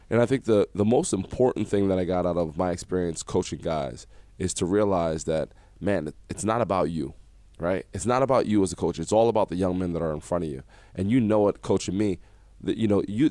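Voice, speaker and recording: Guy on a radio show, quick low voice, acts out quotes in stories, dry mic. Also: no echo. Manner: animated storyteller acting out quotes. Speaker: guest, former basketball coach. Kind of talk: radio interview storytelling. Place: radio studio.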